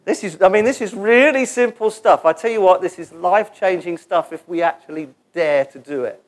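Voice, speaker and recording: A man preaching a sermon in a church gathering, animated and joking as he leads the congregation in call-and-response. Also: high voice, a little fast.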